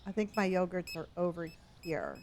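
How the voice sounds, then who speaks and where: In a lowish, creaky voice at a moderate pace, a Southern California woman streams a store game amid slight background noise. She chats casually with viewers, gasping excitedly as she reads their locations and talking to herself as she plays.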